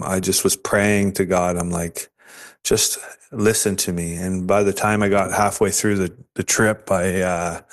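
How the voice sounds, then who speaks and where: A man with a lowish voice tells a personal faith story as an interview guest. He speaks earnestly and often restarts his phrases as he recalls what happened.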